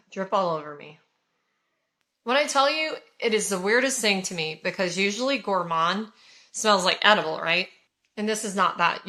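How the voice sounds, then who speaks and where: A woman in her forties from California chats casually to her viewers, gushing as she reviews scented products. Her voice is bright and forward at a middle pitch. She talks in an effusive, conversational way. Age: 40s. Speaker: haul vlogger.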